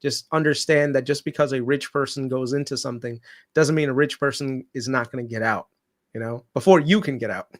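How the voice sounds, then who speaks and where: A man's voice: medium pitch, brisk. A man of Indian background co-hosting a casual market show, joking and slangy. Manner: joking, slangy, does mock voices. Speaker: co-host.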